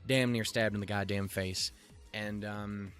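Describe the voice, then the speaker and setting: A man's voice: lowish voice, steady tone, unhurried, fairly bright tone, faint music behind. A man giving a casual episode recap with rambling, restarting sentences and offhand swearing. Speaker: show reviewer.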